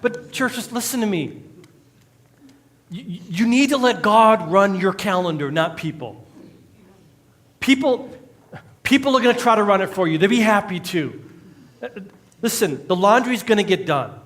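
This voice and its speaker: Pastor guy preaching, high voice, chatty and joking. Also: normal speed, long pauses. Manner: conversational, animated preaching with jokes and acted quotes. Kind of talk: sermon. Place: church sanctuary.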